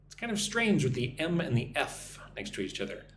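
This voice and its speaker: Lively American man teaching English live. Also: fairly high pitch. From United States. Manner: reads viewer comments aloud and drills pronunciation slowly. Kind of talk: live-stream English lesson, reading chat. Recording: echoey room with faint noise.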